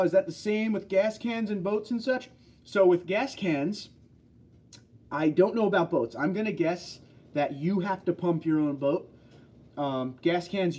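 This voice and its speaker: Husky-voiced man chatting on a livestream. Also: a little high, darkish tone. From New York. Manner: rambling, chatty, talks straight to viewers. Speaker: livestream host. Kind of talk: casual livestream chat answering viewer comments.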